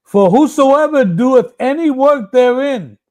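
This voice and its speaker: A man with a high, lively voice reads scripture aloud in a Bible study. He takes the verses slowly and carefully, with his pitch rising and falling a lot across each line. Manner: slow, careful reading. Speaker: scripture reader.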